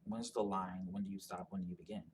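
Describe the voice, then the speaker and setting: A man's voice: low voice, level tone, fast, a little mellow, slight background noise. A man giving a casual explanatory monologue, rambling and thinking aloud with many fillers and restarts. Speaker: commentator on genetic ancestry.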